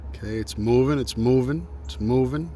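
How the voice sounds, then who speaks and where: A man hosting a casual travel vlog, walking outdoors with a handheld camera and chatting excitedly, often dropping to a hushed voice. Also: medium pitch, moderate pace, slight background noise. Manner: chatty, exclaims at animals, drops to hushed voice. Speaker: vlog host. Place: outdoor animal park.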